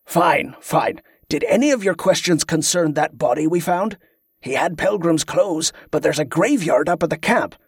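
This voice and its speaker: A man's voice: fairly high pitch, moderate pace, creaky, husky, dry recording, clean studio sound. Irritable, swearing captain read by a male narrator, brusque and slightly raised.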